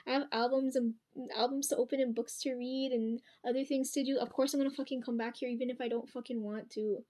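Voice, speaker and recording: Young woman, higher voice, a bit hoarse. Casual vlog storytime, rambling, swears a lot, frequent ums. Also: fairly even intonation, fast talker, dark tone. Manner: rambling and profane, many ums and restarts. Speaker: vlogger. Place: at home.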